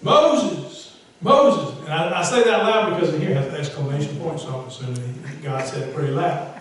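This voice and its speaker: Male pastor, chatty sermon delivery with self-mocking humor; slightly high pitch, distant mic in a reverberant church. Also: fast talker, a little hiss or hum. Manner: conversational, self-deprecating humor, rises to loud emphasis. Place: church sanctuary.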